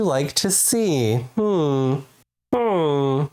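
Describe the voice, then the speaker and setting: Playful streamer with a lively voice. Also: female voice, very deep voice. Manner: playful, giggly, drawn-out teasing repetitions. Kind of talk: casual live-stream chat while gaming.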